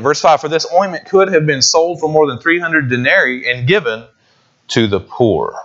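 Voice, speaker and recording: A man's voice: medium pitch, animated, normal speed, a bit bright, dull audio. A man preaching a sermon in a conversational way, often asking his listeners questions. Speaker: pastor.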